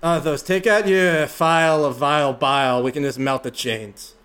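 A man's voice: a little high, normal speed, a bit bright. A man playing a tabletop game, snarky and teasing. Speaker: player. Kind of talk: casual tabletop play.

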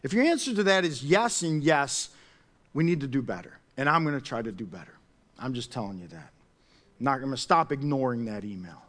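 A man preaching a sermon as pastor, telling a personal story in a chatty, animated way with many restarts. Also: medium pitch, fairly quick.

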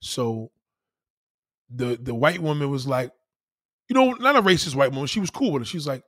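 A middle-aged man talking in a casual, animated monologue, profane and rambling, full of restarts and acted-out quotes. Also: medium pitch, fairly quick, long pauses, dry recording, clean studio sound.

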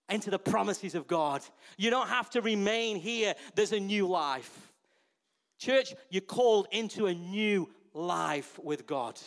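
A pastor with a high voice delivers a lively sermon. He keeps turning to the congregation with rhetorical questions, drawing them in as he preaches. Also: unhurried.

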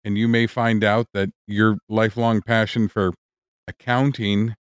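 A man's voice: lowish voice, flat delivery, measured pace, smooth, no room sound. A man co-hosting a podcast, musing in easygoing casual chat with dry humor. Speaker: podcast co-host.

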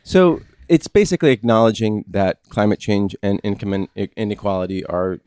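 Low-voiced man explaining at length. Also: darkish tone, clear, resonant tone, no echo. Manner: rambling, halting explainer with many restarts. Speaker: podcast host. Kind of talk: casual podcast chat.

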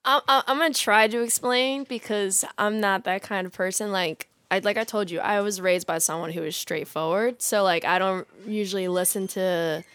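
A woman co-hosting a podcast in casual chat, speaking in a chill, monotone way. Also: medium pitch, normal speed, few pauses, smooth, no echo. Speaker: podcast co-host.

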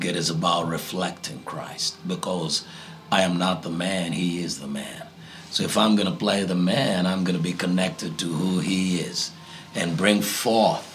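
A man's voice: low-pitched, a bit bright, a little hiss or hum. A man from Africa, a pastor answering interview questions in a preaching tone, emphatic and fond of repeating key phrases. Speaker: guest pastor.

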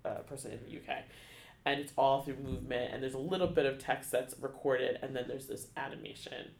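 A man telling a personal story in an interview, halting, with many restarts and fillers, becoming emotional. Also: medium pitch, steady tone, creaky, roomy sound. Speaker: guest, theater education staff. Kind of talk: conversational storytelling.

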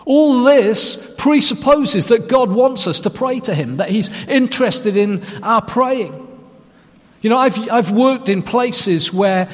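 A man's voice: very high voice, expressive, slow, a bit bright, long reverb tail. A man preaching a sermon, telling a self-mocking story and stressing key phrases. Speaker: pastor.

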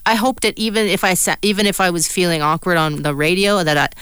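A woman's voice: lowish voice, fairly even intonation, fast, a bit bright, clear, resonant tone, no room sound, clean studio sound. A woman co-hosting a radio talk show, chatting casually with her brother and often trailing off mid-sentence. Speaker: radio co-host. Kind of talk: casual chat.

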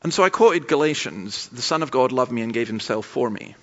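A man's voice: medium pitch, animated, brisk. A man preaching a sermon at a church camp, telling stories in a conversational way with frequent asides. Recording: dull lo-fi sermon recording.

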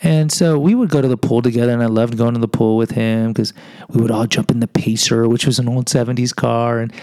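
Speaking fairly quickly with medium pitch, fairly even intonation and a slightly mellow sound, this Houston, Texas podcaster recounts a self-deprecating personal story, performing what people said. The recording is dry and rough.

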